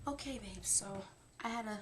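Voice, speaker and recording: A woman vlogger speaking to her viewers, talkative and emotional, repeating herself for emphasis, loud at times and soft and tired at others. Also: fairly high pitch, normal speed, a little hiss or hum. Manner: swings between loud insistence and soft tired murmurs. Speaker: spirit-communication vlogger. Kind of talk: emotional personal storytelling to camera.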